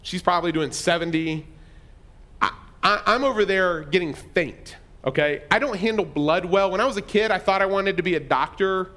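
A man's voice: high voice, normal speed, bright, forceful tone. A middle-aged man pastor telling a personal story in a conversational, self-deprecating sermon.

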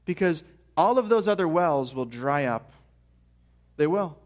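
Male pastor with a high voice, preaching earnestly with rising excitement. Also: a little slow. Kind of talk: sermon.

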